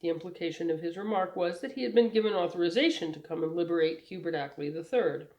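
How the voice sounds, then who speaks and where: A woman reading a novel aloud as a bedtime story narrator, measured and clear. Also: lowish voice, mellow, poor audio. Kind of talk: audiobook narration.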